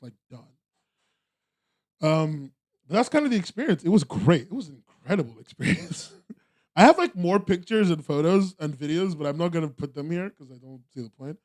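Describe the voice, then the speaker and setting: A man's voice: on the high side, darkish tone. A young American man hosting a podcast, chatting casually in a rambling way with lots of fillers and restarts. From United States. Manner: rambling, laid-back, frequent fillers and restarts. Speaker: podcast host. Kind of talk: casual chat.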